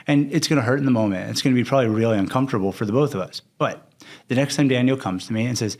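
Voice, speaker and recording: A young man, a coach appearing as a podcast guest, speaks candidly in a mid-range, darkish voice at a rapid-fire clip. He tells stories and acts out quoted conversations in casual interview talk.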